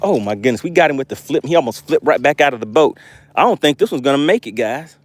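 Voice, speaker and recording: A man hosting a fishing livestream from a boat outdoors, excitable, calling out catches and chatting with viewers. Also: mid-range voice, fast talker. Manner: excitable, reads chat aloud, exclaims. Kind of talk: live fishing stream chat.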